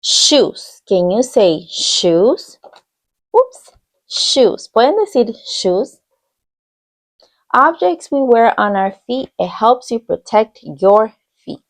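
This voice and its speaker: Female teacher, slow and patient, slight vocal fry, switching between English and Spanish for a children's class. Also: a little high, big pitch swings. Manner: repeats each word in English and Spanish, encouraging. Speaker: bilingual teacher. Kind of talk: slow bilingual classroom lesson for young children.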